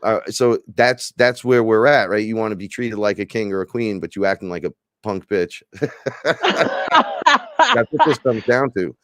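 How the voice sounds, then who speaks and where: A man hosting a casual spiritual podcast chat, animated and profane, acting out imagined back-and-forth dialogue. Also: on the low side, moderate pace, no room sound, clean studio sound. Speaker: podcast host.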